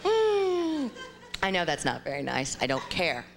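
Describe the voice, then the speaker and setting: A young adult woman from Ohio performing a stand-up comedy set with animated, exaggerated storytelling on a live stage. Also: a bass voice, brisk, vocal fry, noisy background.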